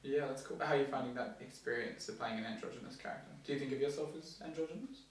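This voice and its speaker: Woman host with a really deep voice, eager chatty interviewer, echoey room. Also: slight background noise. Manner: quick, eager, lots of "yeah, yeah" backchannel. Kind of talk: casual interview chat. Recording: echoey room, distant mic.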